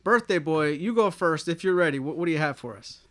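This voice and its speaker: A man's voice: a little high, lively intonation, a little fast. A man hosting a music livestream on an old microphone, upbeat and chatty, talking straight to viewers. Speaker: host. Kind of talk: casual livestream chat.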